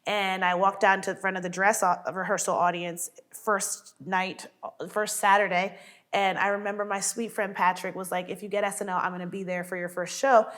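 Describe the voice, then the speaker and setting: A woman's voice: mid-range voice, level tone, normal speed, fairly bright tone. A woman comedian chatting in an interview. She tells stories animatedly, acts out quotes, and laughs often. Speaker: sketch comedy cast member. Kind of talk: casual interview chat.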